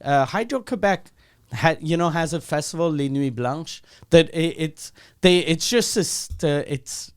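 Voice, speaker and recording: A man's voice: fairly high pitch, a little slow, smooth. A man co-hosting a comedy podcast, chatting casually, laughing often and restarting his sentences. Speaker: podcast co-host.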